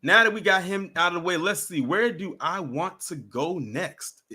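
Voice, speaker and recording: A man hosting a livestream, giving animated, mocking reaction commentary and chatting with his viewers. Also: high-pitched, normal speed, breathy edge. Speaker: livestream host.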